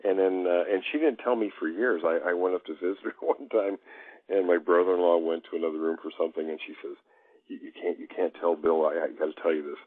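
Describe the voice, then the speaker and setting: A man with a husky voice, telling a story as a caller in a halting, stammering way. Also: sits low, fairly even intonation, dry recording. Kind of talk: casual storytelling. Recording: tinny phone line, dry.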